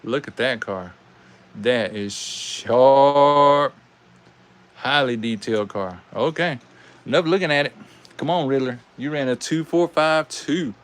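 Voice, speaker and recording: A man with a Southern American accent hosts a live stream and calls toy car races in a folksy, animated way, chatting with his viewers. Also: mid-range voice, moderate pace. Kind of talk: live race commentary.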